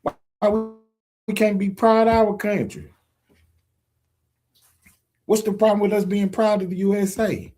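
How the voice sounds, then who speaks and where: A man's voice: sits high, flat delivery, unhurried, long pauses, a little mellow. Emphatic man preaching to his viewers. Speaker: political commentator. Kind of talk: direct-to-camera opinion monologue. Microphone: streaming setup mic.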